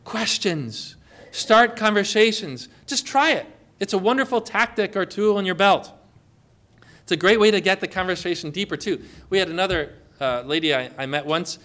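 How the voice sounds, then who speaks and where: A man's voice: high voice, animated, normal speed, a bit bright. A man from Connecticut giving a conversational sermon, telling stories and asking rhetorical questions. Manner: storytelling, full of rhetorical questions. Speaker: preacher.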